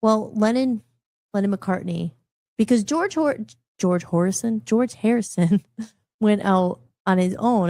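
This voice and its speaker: A middle-aged woman musician hosting a live radio talk show, rambling and animated, often restarting her sentences. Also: mid-range voice, no room sound. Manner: animated, rambling, frequent restarts and self-interruptions.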